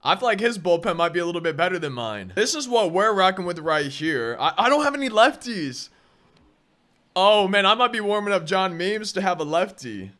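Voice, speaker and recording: A young gaming YouTuber gives excited, chatty gameplay commentary at normal speed. His high voice sounds bright and forward, and he often repeats words and bursts into loud exclamations.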